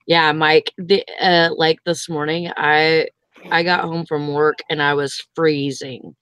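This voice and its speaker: Chatty woman with a smooth, dry voice. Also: low voice, level tone, slow pace, a bit bright, dry recording. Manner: rambling, chatty, with fillers. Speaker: livestream host. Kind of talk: casual chat.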